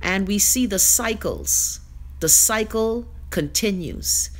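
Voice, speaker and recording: A woman's voice: mid-range voice, expressive, slow. A Bahamian woman hosting a live web show, ranting bluntly and profanely while she reads viewer comments. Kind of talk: livestream rant while reading viewer comments.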